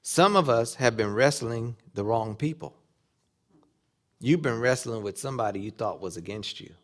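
A man delivers an animated sermon in a church or conference hall. His voice sits in an ordinary middle range, and he moves between building emphasis and quiet asides as he acts out short quoted exchanges. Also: mid-range voice, normal speed. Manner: animated preaching, acting out quoted dialogue. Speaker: preacher.

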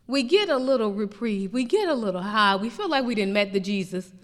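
Animated woman preaching in a reverberant hall. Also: medium pitch, brisk. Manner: animated preaching with rising emphatic peaks. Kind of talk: sermon.

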